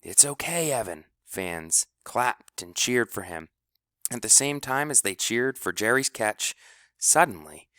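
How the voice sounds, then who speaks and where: Low-voiced male narrator, animated reading, dry studio sound. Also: takes it slowly, smooth, no room sound. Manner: expressive storytelling. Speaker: audiobook narrator. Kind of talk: audiobook narration.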